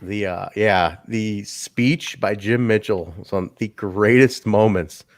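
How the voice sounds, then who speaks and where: A man's voice: lowish voice, takes it slowly, dry recording, clean studio sound. A man hosting a casual podcast, swearing freely and laughing through his anecdotes. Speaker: podcast host.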